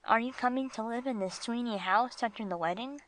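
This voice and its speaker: A woman's voice: on the high side, a little fast, a bit bright, lightly acted, low-quality recording. A woman doing a polite, curious young dog. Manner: careful, polite questions.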